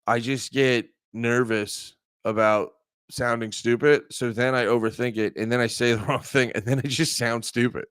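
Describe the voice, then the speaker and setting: A man's voice: mid-range voice, steady tone, normal speed, fairly bright tone, clear, resonant tone, no room sound, clean studio sound. A man hosting a casual livestream, rambling and joking with frequent swearing while talking straight to his chat. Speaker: livestream host.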